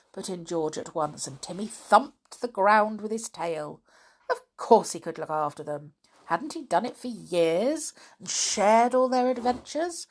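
A woman reads a children's story aloud with plenty of expression. Her voice sits low, yet her melody rises and falls in lively arcs. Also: moderate pace.

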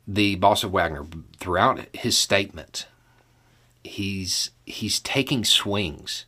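Podcast host, male, low voice, slow, unhurried thinking-aloud delivery. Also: fairly bright tone. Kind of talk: casual solo commentary.

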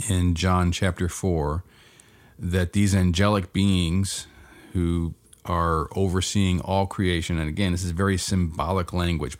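Deep-voiced middle-aged man, earnest devotional teacher, measured delivery. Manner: measured, earnest, slows to read Scripture aloud. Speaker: podcast host teaching on prayer.

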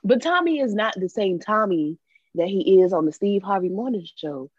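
A woman co-hosting a podcast in casual chat, joking bluntly with crude slang and loud laughs. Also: medium pitch, expressive, normal speed. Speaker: podcast co-host. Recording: dull dry sound.

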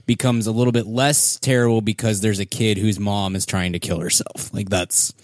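A man's voice: fairly low pitch, steady tone, normal speed, no echo, clean studio sound. A man co-hosting a casual movie-review podcast, speaking in thoughtful, wry, articulate stretches. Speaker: podcast co-host.

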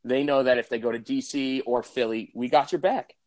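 A young man co-hosting a casual podcast, friendly and encouraging toward his co-host. His mid-pitched voice sits in a dry, close recording. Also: fairly even intonation, a little fast, dry recording. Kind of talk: casual chat.

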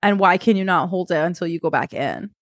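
A woman in her thirties, co-hosting a podcast and telling a lively story in a casual chat. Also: on the low side, brisk, no echo, studio quality. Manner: animated storyteller, acts out kids and herself. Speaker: podcast co-host.

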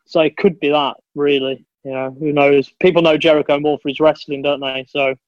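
A man talking as a guest on a casual chat podcast, fairly high in pitch for a man. He tells his stories with eager enthusiasm and keeps calling the host "mate". The audio is dull and lo-fi, and the sound is dry and close. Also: flat delivery, fairly quick, no echo. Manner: chatty, enthusiastic storyteller, says "mate".

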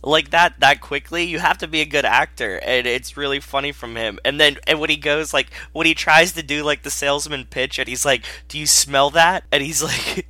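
A man's voice: on the high side, brisk, hardly any pauses, sharp tone, dry recording. A man co-hosting a casual movie podcast, rambling with many fillers and laughing as he talks. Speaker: podcast co-host.

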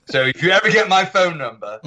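A man's voice: sits high, very animated, brisk, crowd noise. An American man, an actor guest on a podcast, chatting casually and telling anecdotes, acting out voices and accents as he goes. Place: podcast recording.

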